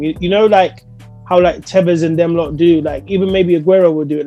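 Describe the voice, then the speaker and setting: A man with a notably high voice co-hosts a relaxed football debate. He talks at length, pushes back on the others and pads his points with casual fillers. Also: brisk, dull audio, faint music behind. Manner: chatty, argumentative, fillers like "you know what I mean". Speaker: football podcast co-host. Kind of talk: casual post-match chat.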